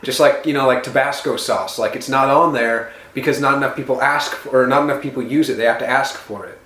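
A man's voice: mid-range voice, fast talker, fairly bright tone. A man co-hosting a casual home podcast, arguing in a rambling way and trailing off mid-sentence. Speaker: podcast co-host. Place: room in a house. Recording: roomy echo.

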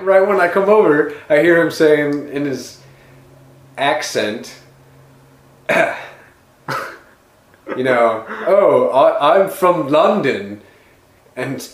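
A man's voice: fairly high pitch, fairly bright tone. Teasing podcast co-host, a man who mocks his friend's story, is recorded in a room with some echo. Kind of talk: casual comedic banter. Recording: roomy with faint noise.

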